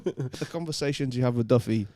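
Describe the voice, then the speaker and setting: A man's voice: mid-range voice, a little fast, dark tone, no room sound, studio quality. A man from Wales, hosting a casual podcast chat and telling rambling stories between frequent laughs. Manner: laughs often, rambling anecdotes. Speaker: podcast host.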